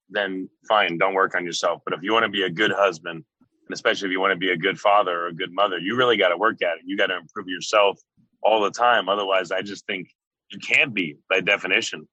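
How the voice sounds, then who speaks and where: Deep-voiced man, earnest podcast host. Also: sharp tone, dry recording. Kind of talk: casual chat. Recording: dull lo-fi sound.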